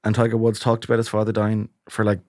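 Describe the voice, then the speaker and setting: A man co-hosting a comedy podcast, telling anecdotes in a dry, deadpan way. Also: lowish voice, fast. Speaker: podcast co-host. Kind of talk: casual comedic chat.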